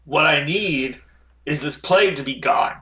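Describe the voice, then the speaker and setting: A man voicing a huge, irritable, foul-mouthed male baron with a large booming voice. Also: a little slow, pushed and bright. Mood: gruff. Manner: curses angrily.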